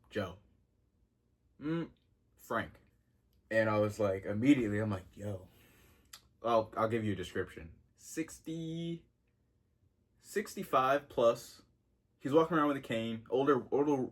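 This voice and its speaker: A young man in his twenties with a fairly low voice, chatting in a loose vlog style. He talks in slang and gets excitable, and his pitch jumps up when something catches his attention. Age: 20s. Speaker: vintage clothing vlogger. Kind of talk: casual vlog talk.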